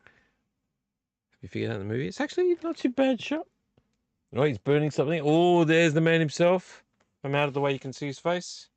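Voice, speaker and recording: A man's voice: on the high side, moderate pace, gravelly, long pauses, darkish tone, clear, resonant tone, no room sound. A man hosting a casual live stream, chatty and rambling, a bit tipsy from beer. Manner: rambling, chatty, self-deprecating. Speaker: livestream host.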